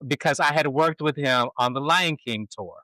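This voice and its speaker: A male podcast host, an animated storyteller who laughs often while chatting casually. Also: on the high side, moderate pace, no room sound, rough recording. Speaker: stage performer. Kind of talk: casual conversation.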